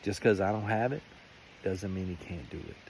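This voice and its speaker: A man's voice: low-pitched, normal speed, gravelly, a little mellow, a little hiss or hum. A man giving a rambling, earnest personal faith testimony in a vlog. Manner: earnest, rambling, many restarts. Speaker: faith vlogger.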